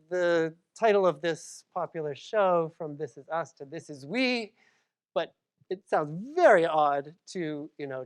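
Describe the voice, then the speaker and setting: A woman from Massachusetts giving a public library lecture, conversational, with frequent ums and asides to the audience. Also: deep voice.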